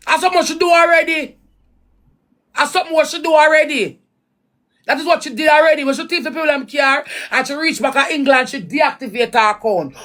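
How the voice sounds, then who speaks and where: A woman's voice: sits high, a bit bright. A woman with a Jamaican accent giving blunt, repetitive commentary in patois on a reaction vlog.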